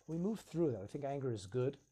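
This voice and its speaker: A man's voice: medium pitch, animated, fast talker, mellow, slightly rough. A man hosting a live video stream, talking casually and earnestly, reflecting aloud and acting out little dialogues.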